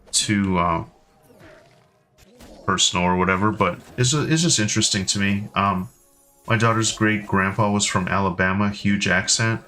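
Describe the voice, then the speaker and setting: A man's voice: on the low side, bright, forceful tone. Chatty man streaming with faint music. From United States. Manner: rambling, hesitant, many ums and restarts. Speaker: game streamer chatting with viewers. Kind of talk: casual live-stream chat.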